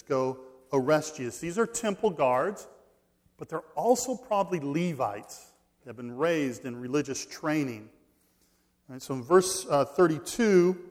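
A man preaching a sermon in a fairly high voice. He works through scripture verse by verse and hammers his points by repeating them. His delivery swings from loud stressed lines to quiet, soft endings. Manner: emphatic, repeats key phrases, swings between loud stresses and quiet drops. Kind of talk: expository sermon.

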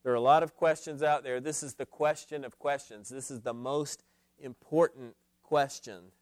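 A man's voice: medium pitch, fairly even intonation, normal speed, no room sound, clean studio sound. A man giving an earnest, emphatic Bible lesson to a class, posing questions to his listeners. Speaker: Bible teacher. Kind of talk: expository Bible teaching.

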